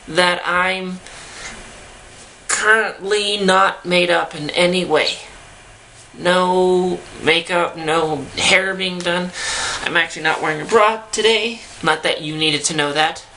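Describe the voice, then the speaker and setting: A woman's voice: on the low side, fairly even intonation, slow pace, pushed and bright, slight background noise, poor audio. A young woman vlogging from home into her camera mic, chatting casually and rambling with self-deprecating asides. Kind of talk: casual vlog chat. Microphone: camera mic, talking to camera.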